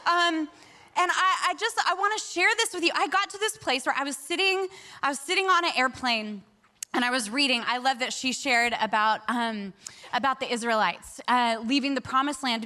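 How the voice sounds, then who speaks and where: A woman in her forties preaching a sermon, telling stories in an animated way and laughing often. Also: sits high, normal speed. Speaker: pastor.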